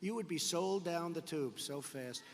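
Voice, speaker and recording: A man giving a boastful, repetitive rally speech full of mocking asides and sudden bursts of shouting. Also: fairly high pitch, unhurried. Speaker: politician addressing a campaign rally. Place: large indoor arena rally. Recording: long arena reverb.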